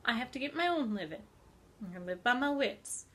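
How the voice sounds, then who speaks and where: Thin pleasant spider lady, brisk and matter-of-fact, clever and calm, a woman reading her, bit high. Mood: firm.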